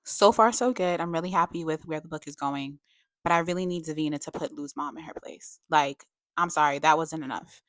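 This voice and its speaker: A woman's voice: low voice, fairly quick, fairly bright tone, no echo, studio quality. A young adult woman giving a casual book review vlog, chatty and full of "like" and "you know", breaking into emphatic rants. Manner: frequent fillers like "like" and "you know".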